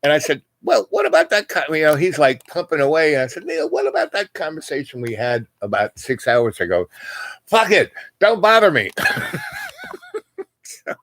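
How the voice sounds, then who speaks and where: On the high side and sing-song, this older man talks fairly quickly through a long, wandering personal story in casual chat. He keeps saying "you know," restarts often, and imitates the voices of others.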